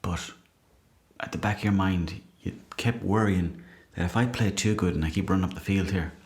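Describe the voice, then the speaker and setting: Deadpan, low-voiced Irish man. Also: moderate pace. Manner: deadpan, profane, mock-indignant. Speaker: podcast host. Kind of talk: comic monologue reading listener messages.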